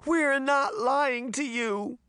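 A man's voice: very high-pitched, slow, bright, forceful tone, smooth, no room sound, clean studio sound, pitched above the performer's own voice, heavily acted. A man voicing a frightened little girl in an audiobook, crying as she speaks. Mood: tearful. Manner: crying and sobbing. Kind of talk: audiobook character reading.

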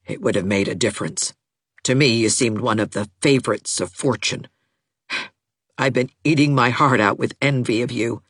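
A woman reader voicing a bitter, lonely young woman teacher who speaks haltingly and with self-pity, in an audiobook. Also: rumbling low, slightly rough, no room sound, pitched below the performer's own voice. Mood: rueful. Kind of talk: audiobook character voice.

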